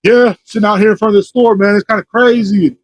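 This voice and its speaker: A man voicing a loud, erratic street addict who is needy one moment and hostile the next, in a shrill voice. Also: steady tone, a little fast. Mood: wheedling.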